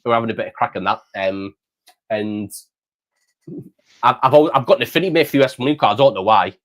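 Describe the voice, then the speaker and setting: A man's voice: medium pitch, fast. A middle-aged man from the United Kingdom, hosting a casual chat and saying mate often. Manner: chatty, says mate often. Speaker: host.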